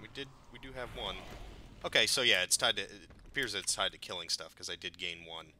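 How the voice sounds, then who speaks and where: A man with a low, very bright, sharp voice, chatting through his gameplay. He rambles, swears freely and jumps from calm to loud outbursts. A faint hiss runs behind him. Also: fast. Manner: profane, excitable, rambling. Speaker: gameplay commentator. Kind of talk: casual let's-play commentary.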